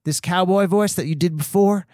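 A man's voice: high-pitched, normal speed, darkish tone, dry recording, studio quality, pitched above the performer's own voice, lightly acted. A man doing a folksy drawling cowboy.

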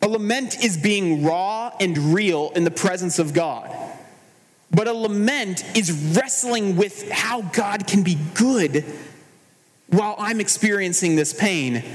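A man preaching a sermon as pastor, earnest and measured, slowing down for emphasis. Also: sits high, in a large hall.

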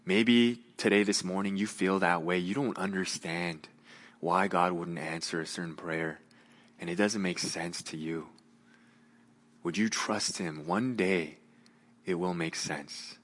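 A man preaching a sermon as a pastor, earnest, moving between raised emphasis and hushed, gentle appeals. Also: low-pitched, fairly even intonation, a little slow, big-room sound.

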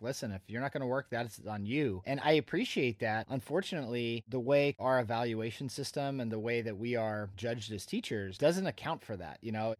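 A middle-aged man talks in an earnest, conversational way, sometimes stumbling and repeating a word as he works through a thought. His voice sits at an ordinary middle pitch. It sounds dry and close, with no room around it. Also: darkish tone, dry recording. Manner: earnest, conversational, with small restarts and repeated words. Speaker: high school math teacher, co-host. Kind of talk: casual podcast conversation.

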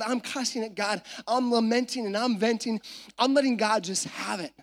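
A pastor preaching a sermon from a church stage, talking in a chatty storytelling way with frequent asides to the audience. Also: medium pitch.

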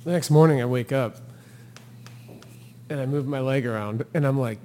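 A man's voice: medium pitch, normal speed, in a large hall, a little hiss or hum. A man, a thru-hiker guest on a podcast, telling his story in casual talk and acting out the quotes with laughter. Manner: animated storyteller who acts out quotes and laughs.

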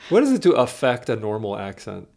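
A man co-hosting a podcast tosses off wry quips and quick asides in easy, casual chat. His voice sits at a middle pitch, with a faint hiss behind it. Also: wildly swooping pitch, vocal fry. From United States. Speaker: podcast co-host.

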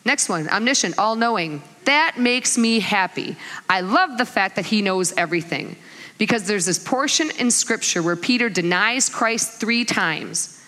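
A middle-aged mother of kids gives a church sermon in a mid-range voice, speaking a little slowly in a big-sounding room. She tells stories animatedly, laughing and acting out different voices.

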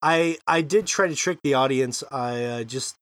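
A man's voice: medium pitch, moderate pace, a bit bright, no echo. A man hosting a podcast in casual chat, joking and teasing his co-hosts. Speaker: podcast host.

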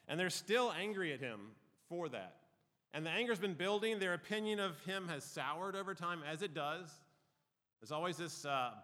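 A man's voice: fairly high pitch, sharp tone. A man giving an informal, conversational Bible teaching, with frequent ums and uhs. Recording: reverberant hall.

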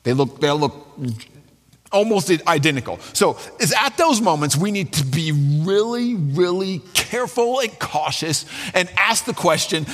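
Male preacher, slightly high voice, chatty and informal, lots of restarts, long hall reverb. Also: lively intonation, unhurried, a bit bright. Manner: conversational, restarts, colloquial asides. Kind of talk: sermon.

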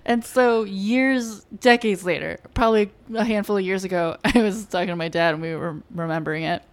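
A woman's voice: mid-range voice, a little fast. A woman co-hosting a casual chat, telling a story with laughs and casual swearing. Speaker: podcast co-host.

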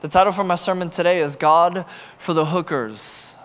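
A high-voiced man preaches to his congregation, telling stories and acting out each side of the conversations with lively energy. His voice rings with a long reverb from a large hall. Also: moderate pace. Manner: animated, acts out dialogue in raised voice. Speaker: pastor. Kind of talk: sermon with storytelling. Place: large concert venue used as church.

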